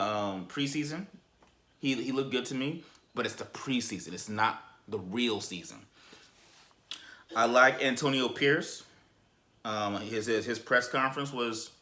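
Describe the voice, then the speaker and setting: Male sports fan vlogger, emphatic casual rant, bright forceful tone. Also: mid-range voice. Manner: animated and emphatic, repeats and restarts words.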